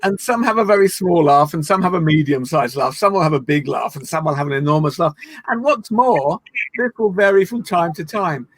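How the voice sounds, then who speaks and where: A man leading an online laughter yoga session, playful and encouraging, breaking into laughs and shouts. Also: fairly high pitch, a little fast, no room sound. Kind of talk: guided online laughter exercise. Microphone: video call.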